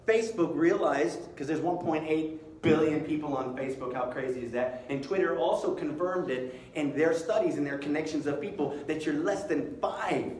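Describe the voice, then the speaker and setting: A man giving a live inspirational talk in a school hall, telling stories in an animated way with joking asides. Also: a little high, moderate pace, far from the mic. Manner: animated storytelling, jokey asides. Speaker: inspirational speaker. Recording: echoey hall, speaker away from mic, faint background hiss.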